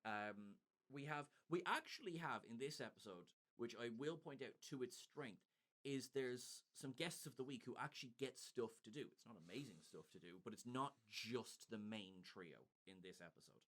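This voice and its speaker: A man's voice: mid-range voice, expressive, normal speed, fairly bright tone. A man co-hosting a podcast, recapping an episode in casual chat with wry, sardonic asides. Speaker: podcast co-host.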